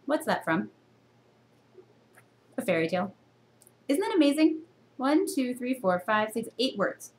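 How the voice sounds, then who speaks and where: A woman teaching a university reading course in a recorded lecture to a camera, asking her students many questions and jumping up in pitch to stress her points. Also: a little slow, long pauses. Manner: teacherly, full of rhetorical questions; expressive jumps in pitch for emphasis.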